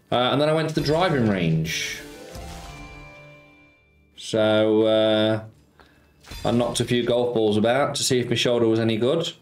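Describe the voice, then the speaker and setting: A chatty man hosts a live slots stream, calling out viewers' names and bantering about football. His voice sits at an ordinary, mid-range pitch for a man. Soft music plays faintly underneath. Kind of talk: casual live-stream chat.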